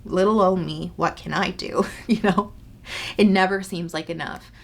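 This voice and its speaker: A woman's voice: on the low side, steady tone, normal speed, gravelly. A woman vlogger talking earnestly to camera, pleading and repeating herself for emphasis. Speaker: skincare YouTuber. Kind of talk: earnest direct-to-camera talk.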